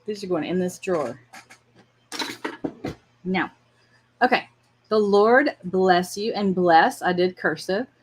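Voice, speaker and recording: In a lowish voice, slow and with long pauses, a woman hosts a laid-back livestream art lesson, with a faint hiss or hum audible. She's warm and chatty, laughing often and talking to her dog as she draws.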